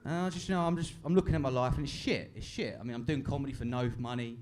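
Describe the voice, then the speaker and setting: A man's voice: medium pitch, fairly even intonation, fast, background noise. A man doing a stand-up set on a live stage, crude and self-mocking, often laughing at his own lines. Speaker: stand-up comedian. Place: live comedy venue with audience. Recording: live stage recording with crowd.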